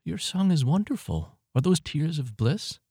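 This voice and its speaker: A man's voice: on the high side, very animated, unhurried, dark tone, breathy edge, dry recording, clean studio sound, pitched above the performer's own voice, exaggerated voice. A man voicing a hesitant, nervous young woman. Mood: gentle. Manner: hesitant, pleading.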